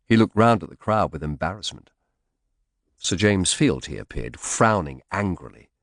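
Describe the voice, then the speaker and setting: A man narrating an audiobook in first person with expressive, dramatic storytelling. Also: low voice, normal speed, dry recording, studio quality.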